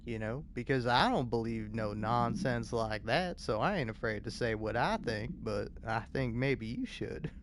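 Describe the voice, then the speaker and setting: A folksy, blunt southern fellow, put on by a gamer drawls in a Southern US accent at an everyday pitch. His talk is plainspoken and scolding, with steady game noise running underneath. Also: moderate pace, hardly any pauses, natural voice.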